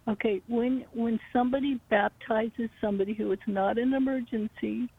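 A woman calls in and asks her questions haltingly, starting and stopping with fillers. Her voice is a little high and husky, and it comes through a tinny phone line. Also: no room sound. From Southern California. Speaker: caller.

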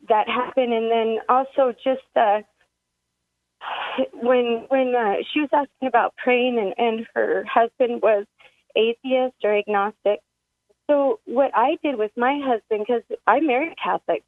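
A woman in her forties calling in to a radio show, speaking in a halting, emotional way and choking up as she talks. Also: a little high, no room sound. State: tearful. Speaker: caller. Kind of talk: call-in radio conversation. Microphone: phone. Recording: thin phone line.

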